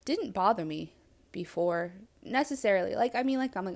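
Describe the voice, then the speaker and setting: A woman hosting a podcast, talking alone in a blunt, animated and self-reflective way and swearing freely. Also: medium pitch, normal speed, vocal fry. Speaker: podcast host. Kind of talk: candid solo monologue.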